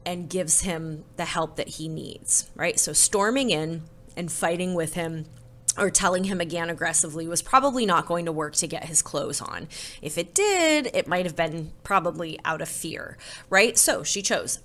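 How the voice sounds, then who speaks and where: A woman reads a children's storybook aloud and then talks parents through its lessons, conversational and expressive. Her lowish voice is bright and lively, moving widely in pitch. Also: measured pace. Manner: expressive, conversational, says "right?". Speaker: storybook reader and parenting presenter.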